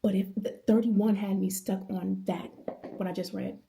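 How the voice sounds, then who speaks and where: A woman's voice: mid-range voice, little pitch movement, normal speed, gravelly, mellow. A woman in her thirties talking to camera at home in a casual, passionate, rambling late-night Bible chat, using slang and calling viewers y'all. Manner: passionate, rambling, with many restarts and laughs. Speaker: vlogger. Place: at home indoors.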